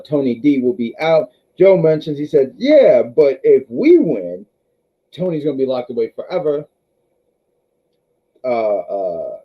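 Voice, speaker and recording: A man's voice: fairly high pitch, lo-fi sound. A man hosting a casual wrestling review stream, rambling with restarts and talking to his live chat.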